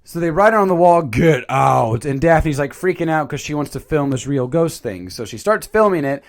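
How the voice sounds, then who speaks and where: A man casually rambling through a cartoon movie review, animated, with filler words and mild swearing. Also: on the high side, a little fast. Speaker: channel host.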